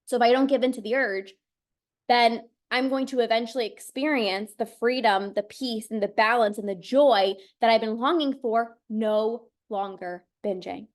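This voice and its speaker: A woman's voice: a little high, normal speed. A young woman coaching live on binge eating, talking with energy and acting out inner voices. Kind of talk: motivational live-stream talk.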